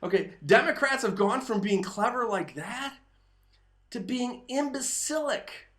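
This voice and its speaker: A man hosting a political commentary monologue, talking emphatically and sometimes breaking into shouts. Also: very high-pitched, lively intonation, a little slow. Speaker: host. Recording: roomy echo.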